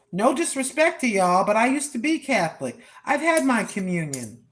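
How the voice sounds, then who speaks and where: A woman's voice: a little high, big pitch swings, moderate pace, few pauses, a bit bright. An older woman talking casually and preachily while live-streaming on a walk, recorded on her phone. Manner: chatty, preachy, talks to herself. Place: outdoors on a walk.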